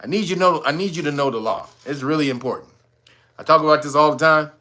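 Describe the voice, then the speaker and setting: A man hosting a casual news commentary stream, talking in a profane, animated way and often laughing. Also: a little high, quick pace. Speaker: channel host.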